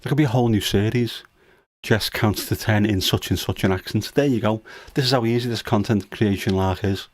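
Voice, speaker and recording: A middle-aged man hosts a relaxed livestream from home, cracking dad jokes and ribbing his kid. His voice sits low and sounds close and dry, with no room echo. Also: a little fast, few pauses. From United Kingdom. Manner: teasing, jokey dad humor. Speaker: livestream host. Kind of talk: casual livestream chat.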